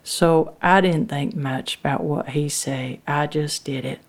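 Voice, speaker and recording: A woman's voice: low voice, a little slow. A woman telling a dramatic first-person story in an earnest rural dialect.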